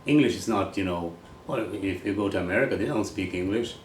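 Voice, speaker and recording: A man's voice: low-pitched, brisk, recorded from a distance. Blunt Swedish-accented man, echoey room. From Sweden. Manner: blunt, rambling, swears casually. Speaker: golf coach. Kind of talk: casual opinionated monologue. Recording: echoey room with faint ambient noise.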